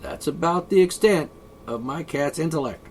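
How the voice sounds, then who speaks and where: A man's voice: on the high side, moderate pace, darkish tone, a little hiss or hum. A man vlogging an opinionated, rambling monologue, sarcastic and sighing often. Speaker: video blogger.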